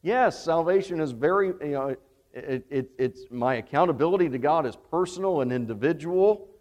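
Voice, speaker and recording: A man's voice: fairly high pitch, lively intonation, normal speed, darkish tone, dull audio. A man with a Southern US accent teaching a Bible study class, talking casually and putting questions to the class. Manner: conversational, asks the class questions. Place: church classroom, also streamed online. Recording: long hall reverb.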